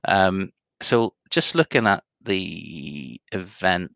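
A man's voice: deep voice, a little slow, creaky, fairly bright tone, dry recording. A man co-hosting a podcast, chatting casually and rambling through results with many ums. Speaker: podcast co-host. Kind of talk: casual chat.

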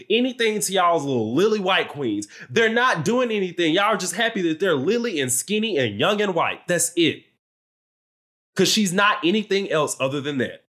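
A man's voice: sits high, a bit bright. A man co-hosting a reality TV recap podcast, ranting heatedly with lots of swearing and blunt repetition. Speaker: podcast co-host.

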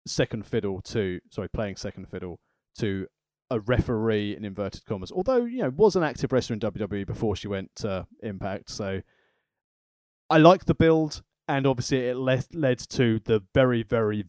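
Male podcast co-host, steady wry delivery, mid pitch, dry close sound. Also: moderate pace, dry recording. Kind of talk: casual wrestling recap chat.

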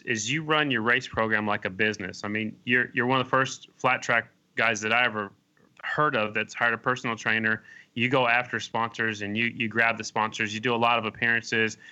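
Host guy with a real bright, sharp voice, chatty questions, lots of "i mean". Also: mid-range voice. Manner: casual, strings questions with "I mean" and "you know". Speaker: podcast host. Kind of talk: casual interview questions.

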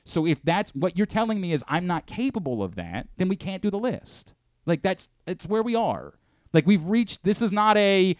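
A man's voice: sits high, big pitch swings, normal speed, no room sound, studio quality. A male sports radio host arguing in a heated, lecturing way, often stammering and restarting his sentences. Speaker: radio host and director of programming.

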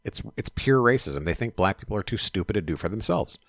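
A man's voice: on the low side, animated, quick pace, vocal fry, dry recording, clean studio sound. A man co-hosting a casual political chat, talking bluntly with profanity and frequent restarts.

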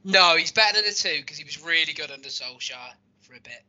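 A man's voice: on the high side, expressive, quick pace, pushed and bright. A man hosting a casual football chat, reading out rankings and joking as he rambles. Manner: jokey, rambling, reads out rankings. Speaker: podcast host. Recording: lo-fi recording.

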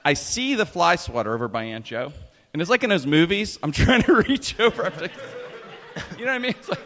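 Brief: lively, excitable male storyteller, voice swinging up and down, a little higher-pitched, long hall reverb. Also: a little fast. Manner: animated, laughing often, lots of restarts. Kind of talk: comic storytelling.

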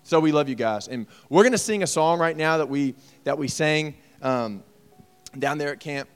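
Youth pastor, male, clear voice pitched a bit high, warm casual preaching to a room of teens. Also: normal speed, faint music behind. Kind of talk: addressing a youth group.

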